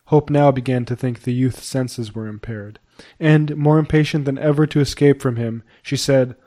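A man narrating a period novel as an audiobook reader, in a measured, even storytelling manner. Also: medium pitch.

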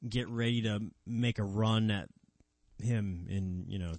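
A man's voice: on the low side, fairly even intonation, a little slow, a little mellow, no room sound. A man co-hosting a podcast as the comics expert, recapping story arcs in long run-on sentences. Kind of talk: casual fan chat.

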